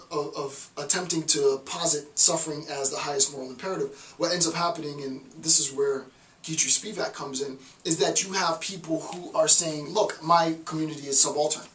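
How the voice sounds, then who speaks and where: A man with a fairly high voice lectures off the cuff, often tagging his points with "right?" and restarting sentences. He is heard from some distance in a roomy, echoing space, with a faint hiss underneath. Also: a bit bright. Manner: rambling, frequent "right?" tag questions, restarts. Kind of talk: informal recorded lecture.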